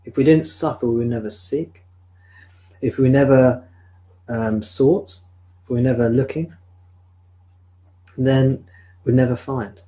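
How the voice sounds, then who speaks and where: Male spiritual teacher, calm and reflective, live-streamed home satsang, close sensitive desk mic. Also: mid-range voice, low-quality recording. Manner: calm, reflective, answers viewer questions slowly. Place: home room. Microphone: sensitive desk microphone.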